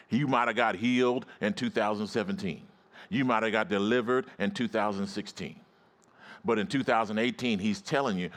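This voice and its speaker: A man preaching a sermon, telling stories and calling on the congregation to answer back, swinging from low storytelling to high rising exclamations. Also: moderate pace, long pauses, fairly bright tone. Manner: repetitive, call-and-response preaching.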